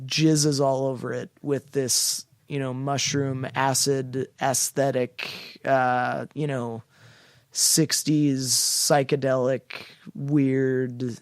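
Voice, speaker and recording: A man co-hosting a film podcast, talking in a rambling, halting way with frequent restarts as he searches for words. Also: medium pitch, clean tone, no echo, clean studio sound. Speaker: podcast co-host. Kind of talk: casual film discussion.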